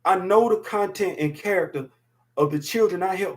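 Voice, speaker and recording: With a high voice at normal speed, this podcast host in his fifties runs a relaxed opinion show, stressing his arguments through emphatic repetition.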